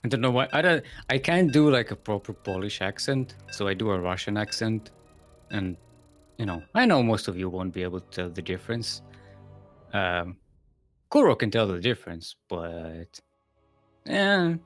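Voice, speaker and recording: A man hosting and casting an esports tournament in a playful, rambling way, with booming ring-announcer introductions. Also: animated, moderate pace, faint music behind. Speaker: tournament host and caster.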